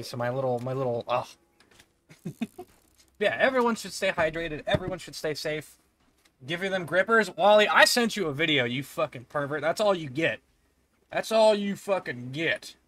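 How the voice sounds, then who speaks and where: A man's voice: on the high side, a bit bright. A young man streaming a game, joking crudely and laughing often in casual chat.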